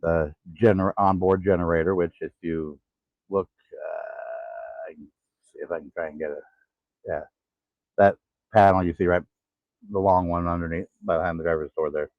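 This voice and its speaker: Tired 40s guy rambling through his story, real low voice, dry tinny phone-ish sound. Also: vocal fry, no echo. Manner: halting, tired, pauses to catch breath. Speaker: vlogger. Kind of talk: casual personal vlog.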